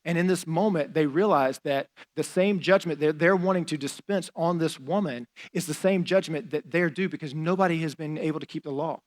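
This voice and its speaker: A man's voice: fairly high pitch, fairly quick, few pauses. A man preaching a sermon as a pastor, in a conversational style with fillers and casual asides.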